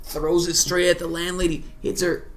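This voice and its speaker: A man's voice: high voice, monotone, moderate pace, noisy background. A man co-hosting a podcast, recapping a film in loose, profane, laughing chat. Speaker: podcast co-host.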